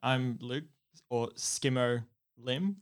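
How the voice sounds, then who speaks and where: A man's voice: medium pitch, takes it slowly. A man from Australia, a podcast co-host who talks in a laid-back, slangy way.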